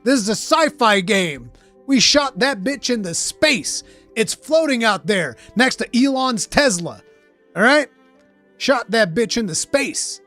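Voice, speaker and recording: A man voicing a smug, sneering male game studio boss who taunts in a crude, loud way. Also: very high-pitched, animated, a little slow, faint music behind, pitched above the performer's own voice, full character voice. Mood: taunting.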